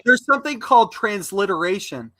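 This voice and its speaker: Man, heated livestream argument, insulting, bright tense tone, dry close sound. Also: sits high, animated, brisk, dry recording. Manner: aggressive, insulting, loud bursts. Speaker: livestream debate panelist.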